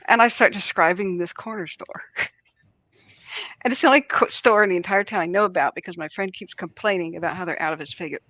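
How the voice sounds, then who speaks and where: A woman telling a long anecdote in relaxed conversation, with a bright, forceful voice that cuts through. She laughs often as she goes. The sound is dry and a little dull, as if from a modest home setup. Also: on the low side, no room sound. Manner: animated, laughs often while telling stories. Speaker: guest. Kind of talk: casual storytelling chat.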